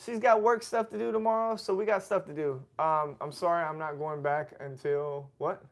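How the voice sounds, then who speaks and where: A man's voice: fairly high pitch, moderate pace. A man, hosting a casual family livestream, chatty and reading out viewer messages. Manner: chatty, reads chat aloud, gives shout-outs.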